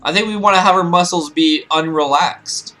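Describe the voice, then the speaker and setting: Guy doing lets play commentary, kinda high voice, goofy and rambly, some game music playing quiet. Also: moderate pace. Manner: rambling, joking, excitable. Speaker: let's play host. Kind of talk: casual gameplay commentary.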